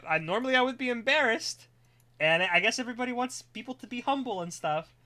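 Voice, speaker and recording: A streamer chatting casually on a live stream, excitable and rambling, drifting into quiet mumbling while setting things up. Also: medium pitch, quick pace.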